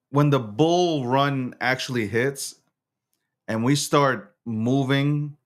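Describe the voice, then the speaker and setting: A man hosting a casual crypto market monologue, slangy and swearing, who keeps breaking into fits of giggles. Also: mid-range voice. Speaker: host of a crypto news show.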